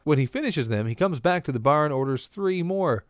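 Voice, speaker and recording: A man reading scripted bartending instruction and bar jokes in a deadpan, joke-telling manner. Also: a little high, brisk, no room sound, studio quality.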